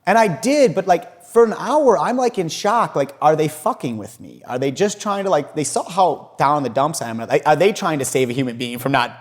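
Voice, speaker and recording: Young male interview guest, fairly high voice, animated swearing storyteller. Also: fairly quick, few pauses. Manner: animated, profane, laughs often, acts out quotes. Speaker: podcast guest, entrepreneur.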